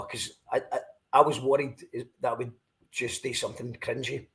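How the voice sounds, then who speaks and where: A man with a Scottish accent hosting a podcast, chatting casually and stumbling over his words as he repeats them. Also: mid-range voice. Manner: halting, repeats words as he talks. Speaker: podcast host. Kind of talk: casual chat.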